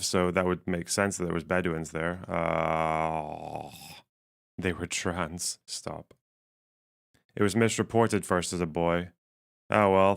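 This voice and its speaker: A man live-streaming casual commentary while reading chat, his voice strained and missing its lower range, swearing and laughing as he thinks aloud. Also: vocal fry, clean tone.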